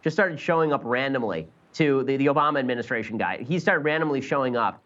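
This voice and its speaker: Rapid-fire sarcastic man, dull audio. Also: medium pitch, fairly bright tone. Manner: rapid, sarcastic political riffing. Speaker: guest commentator. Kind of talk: casual talk show banter.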